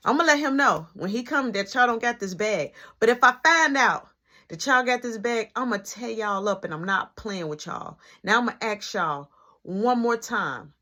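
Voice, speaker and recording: A woman's voice: on the high side, lively intonation, normal speed, sharp tone. A woman voicing a strict middle-aged mother who scolds and threatens firmly. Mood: stern warning.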